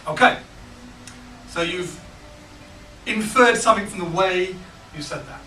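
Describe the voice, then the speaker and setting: High-voiced man leading a workshop, echoey. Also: recorded from a distance. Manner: relaxed, halting, many ums and restarts. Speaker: songwriting workshop leader. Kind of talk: teaching a group workshop. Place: large hall with a small group. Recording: echoey room, picked up from afar, noisy.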